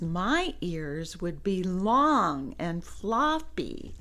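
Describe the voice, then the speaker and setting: A woman with a lowish voice reads a picture book aloud to children. She gently points out the pictures and laughs softly along the way.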